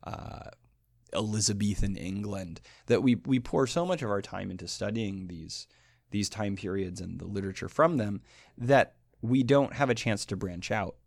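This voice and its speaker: A man's voice: lowish voice, normal speed, creaky, no room sound, studio quality. A man giving a scholarly podcast lecture on literature, explaining things patiently and sounding out rhythms. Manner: scholarly, explanatory, with sung-out meter examples.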